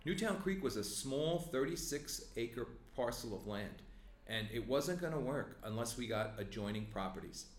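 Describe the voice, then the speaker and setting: A man's voice: medium pitch, lively intonation, normal speed, slight background noise. An older man tells oral-history stories in an earnest way, with apologetic asides. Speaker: former treatment plant representative. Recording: roomy echo.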